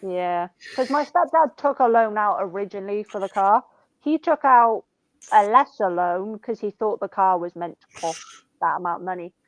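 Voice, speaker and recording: Young woman, casual sweary storytelling, dry close sound, mid-pitched voice. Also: normal speed, dry recording, low-quality recording. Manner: swearing, rambling storytelling with lots of "I'm like". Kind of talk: casual chat.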